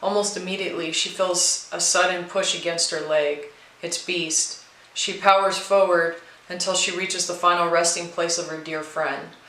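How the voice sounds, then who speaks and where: Female storybook narrator, bright voice, echoey room, steady and expressive. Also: lowish voice, moderate pace. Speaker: narrator and co-writer.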